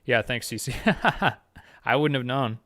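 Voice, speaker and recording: A man hosting a podcast, chatting casually with viewers in a rambling, heavily profane and excitable way. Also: medium pitch, no echo, clean studio sound. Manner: excitable, quick exclamations. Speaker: podcast host. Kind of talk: casual live-stream chat with viewers.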